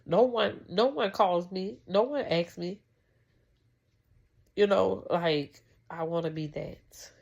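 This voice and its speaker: A woman's voice: on the low side, slow, creaky, darkish tone, breathy edge, dull audio. A woman vlogger talking casually about faith and family, rambling and heartfelt, with many restarts. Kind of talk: casual faith talk to camera.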